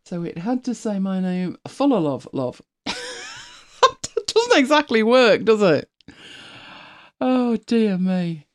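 Co-host, middle-aged woman; animated, laughs easily, very expressive pitch. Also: takes it slowly, no echo, clean studio sound. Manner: chatty, laughs often, animated storytelling. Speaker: podcast co-host. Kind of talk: casual chat.

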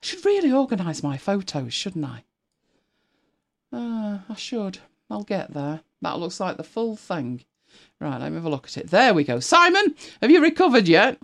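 A woman's voice: medium pitch, very animated, moderate pace, gravelly. A middle-aged woman hosting a casual live stream, chatting and laughing with viewers and greeting them by name.

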